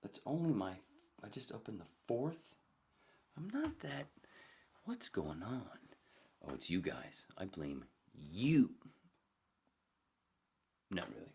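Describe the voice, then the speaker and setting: A man's voice: lowish voice, sing-song, slow, pauses often, mellow, slight background noise. A man hosting a podcast, rambling through a joke, swearing freely and chuckling at himself. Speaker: podcast host. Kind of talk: casual rambling podcast monologue.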